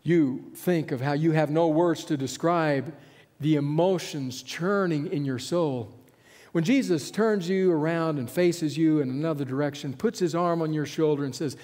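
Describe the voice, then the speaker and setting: A man's voice: on the high side, moderate pace, a little mellow, in a large hall. A man preaching a sermon as a pastor, telling a vivid story and chuckling often.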